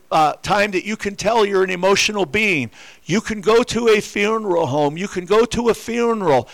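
A man's voice: high-pitched, fairly bright tone. An older man preaching a sermon to his congregation, repeating rhetorical questions. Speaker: pastor. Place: church.

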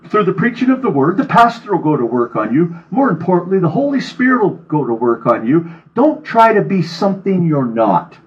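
A man's voice: high-pitched, muffled recording. A man preaching a sermon, reading scripture aloud with rising fervor and then speaking plainly to his congregation. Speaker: pastor.

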